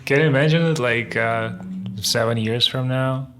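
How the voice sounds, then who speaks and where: A woman's voice: rumbling low, moderate pace, a bit bright, soft background music. A woman hosting a casual chat, mostly giving brief backchannels and short questions.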